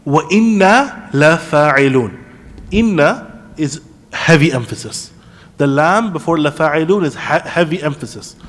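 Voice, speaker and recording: A man with a slightly high voice teaches a class in a mosque hall, and his words ring out in a long reverb. He puts questions to his listeners as he explains. He recites Arabic verses at a quick clip. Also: animated, fairly bright tone. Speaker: teacher of Quran commentary. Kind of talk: classroom lesson.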